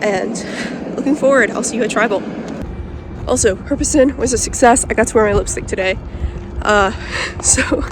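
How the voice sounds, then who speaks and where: A woman's voice: on the high side, normal speed, background noise. A young woman in a car giving a casual, hesitant reality-show confessional. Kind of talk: confessional to camera.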